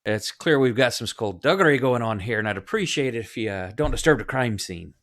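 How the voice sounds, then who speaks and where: A man voicing a smooth-talking male tabloid reporter, grandly polite and a bit hurried. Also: mid-range voice, expressive, fairly bright tone. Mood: ingratiating.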